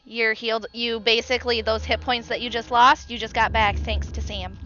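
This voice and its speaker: A woman's voice: on the high side, flat delivery, moderate pace, a crowd in the background. A woman running a tabletop game as game master, playful and teasing, laughing often. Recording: muffled recording with music behind. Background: music.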